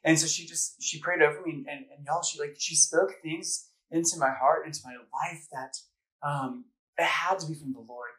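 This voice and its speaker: A man's voice: on the high side, fairly even intonation, moderate pace, fairly bright tone, poor audio. A man with a slightly raised voice gives a faith talk to students as their campus minister. He speaks conversationally, scattering "like" and "um" throughout. His delivery is earnest and personal, built around stories from his own life. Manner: conversational, full of "like" and "um" fillers. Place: gathering room at a campus center, live audience.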